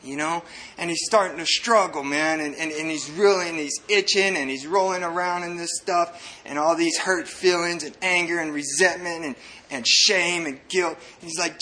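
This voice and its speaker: Earnest, rambling man with a bright voice. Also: fairly high pitch, moderate pace. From United States (El Paso, Texas). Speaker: recovering addict sharing his story. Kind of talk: personal recovery testimony to a group.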